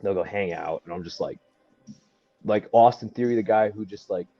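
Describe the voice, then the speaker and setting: At a moderate pace and with a lowish voice, a young wrestler guest tells a story in casual chat, recorded with no echo but a dull lo-fi sound. He rambles along with plenty of fillers, acting out the things people said.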